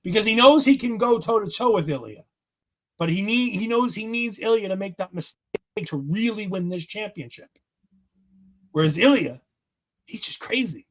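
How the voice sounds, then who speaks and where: A man with a notably high voice, talking as a podcast host. He recaps events in a lively, enthusiastic way. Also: moderate pace. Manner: enthusiastic, acts out quotes in voices. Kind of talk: casual wrestling recap chat.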